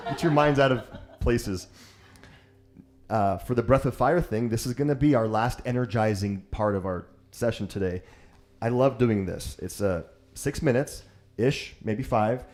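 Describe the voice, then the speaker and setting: A man teaching yoga, guiding a breathwork class in an easygoing, joking and encouraging way. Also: medium pitch.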